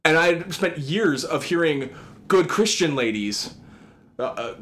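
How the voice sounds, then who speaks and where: A man's voice: a little high, animated, unhurried, fairly bright tone. A man in his thirties co-hosting a podcast, ranting in casual chat with comic exasperation and frequent swearing. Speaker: podcast co-host.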